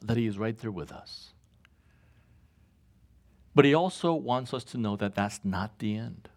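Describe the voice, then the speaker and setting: Guy preaching, swoops up and down a lot, keeps asking the crowd "what?". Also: unhurried. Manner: call-and-response questions to congregation, chuckles often; reads scripture aloud, rises in pitch when animated. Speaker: pastor. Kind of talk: sermon.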